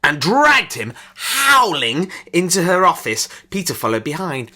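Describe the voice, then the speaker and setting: A man reading a children's storybook aloud in an expressive, dramatic way. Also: a little high, measured pace. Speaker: storybook reader.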